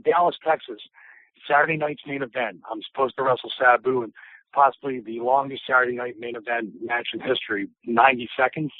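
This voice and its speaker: Male guest on a call, animated anecdotes with put-on voices, phone-quality audio. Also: mid-range voice, a little fast, dry recording. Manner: animated, acts out voices in anecdotes, laughs often. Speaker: interview guest, former wrestler. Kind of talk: casual storytelling. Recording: tinny phone line.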